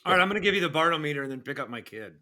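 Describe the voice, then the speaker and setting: A man hosting a casual podcast, brash and profane, counting down a list with slow mock-announcer emphasis. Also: fairly high pitch, lively intonation, bright, forceful tone. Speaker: podcast host.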